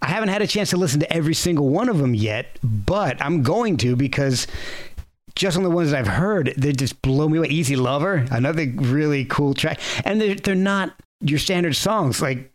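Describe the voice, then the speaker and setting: A man hosting an interview podcast, reacting with enthusiasm and asking loose, rambling questions. His voice sits a little higher than most men's. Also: expressive. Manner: enthusiastic, quick affirmations. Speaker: podcast host. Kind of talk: casual interview chat.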